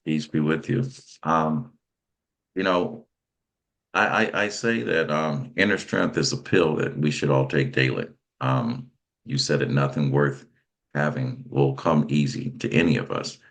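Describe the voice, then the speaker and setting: Man, host, very deep voice, gravelly, halting, repeats words. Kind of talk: motivational panel talk.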